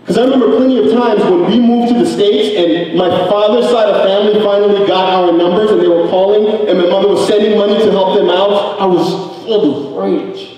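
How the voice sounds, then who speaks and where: A man's voice: high voice, fairly even intonation, fairly quick, hardly any pauses, mellow. A young man from Africa giving an emotional personal testimony at an event. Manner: emotional, earnest storytelling. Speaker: speaker. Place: event hall. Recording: echoey hall from far off.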